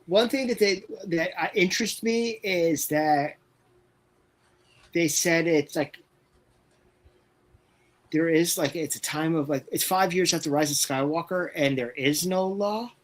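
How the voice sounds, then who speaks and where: Male co-host, fairly high voice, hesitant and filler-heavy, casual live stream chat. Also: measured pace, pauses often. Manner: hesitant, many filler sounds.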